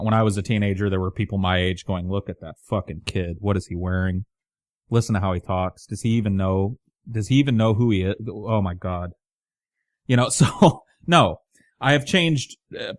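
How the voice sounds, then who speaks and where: Man, thirties, faint southern twang, low-ish voice, rambling casual monologue, dry close sound. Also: no room sound. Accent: light Southern US twang. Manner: rambling, profane, self-mocking, many restarts. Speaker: channel host.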